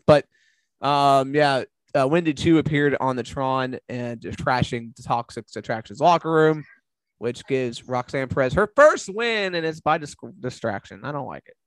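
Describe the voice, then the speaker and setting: A man's voice: on the high side, a bit bright, no echo. A man hosting a casual recap chat, rambling with fillers and swearing freely. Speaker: podcast host.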